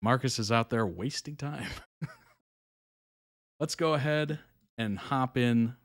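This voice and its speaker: A man's voice: mid-range voice, slow. A man hosting a live reaction stream, chatting casually and laughing often between remarks. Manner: relaxed, chatty, reads viewer comments aloud; frequent soft laughs and fillers.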